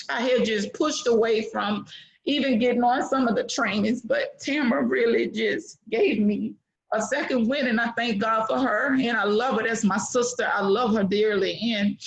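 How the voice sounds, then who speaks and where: A woman's voice: on the high side, rough recording. Heartfelt middle-aged woman on a call. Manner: heartfelt, preachy, many fillers. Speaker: webinar participant giving a testimonial. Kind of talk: emotional testimonial. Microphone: online call.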